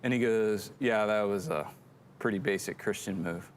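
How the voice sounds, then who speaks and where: A man's voice: lowish voice, moderate pace, a little hiss or hum. A middle-aged man co-hosting a church show, telling a rambling, self-deprecating story in casual chat.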